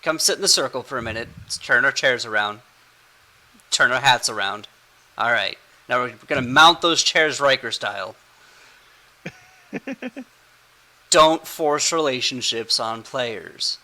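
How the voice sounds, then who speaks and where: A man's voice: medium pitch, measured pace, pauses often, pushed and bright, poor audio. A man hosting a casual podcast chat as game master, playful and rambling, laughing often.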